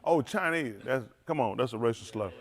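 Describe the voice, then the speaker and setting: A man's voice: medium pitch, expressive, a little fast. A man preaching, joking loosely and teasing his congregation, laughing often. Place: synagogue hall, livestream.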